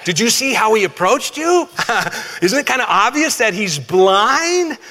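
A man's voice: sits high, big pitch swings, a little slow, bright, forceful tone, pitched above the performer's own voice, full character voice. A man voicing a group of puzzled disciples who question their teacher in disbelief, half laughing. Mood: incredulous. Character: incredulous disciples, adult men, puzzled.

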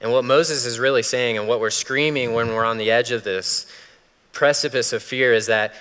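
A man's voice: mid-range voice, steady tone, normal speed, a bit bright, clear, resonant tone. A man preaching a sermon as pastor, talking casually and animatedly, acting out voices when he quotes. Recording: long hall reverb.

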